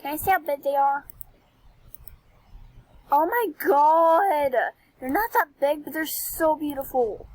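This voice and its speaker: A woman giving excitable, dramatic gameplay commentary as a gaming vlogger, squealing and whining over items. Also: sits high, fairly quick, hardly any pauses, rough recording.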